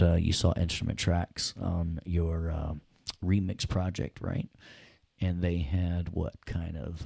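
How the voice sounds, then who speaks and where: A deep, gravelly man walks students through audio software in a loose, chatty lesson. He jokes and checks in with the class as he goes. The sound is dry and close. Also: no room sound. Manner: chatty, jokey, addresses students directly. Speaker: audio production instructor. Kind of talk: casual screen-share software lesson.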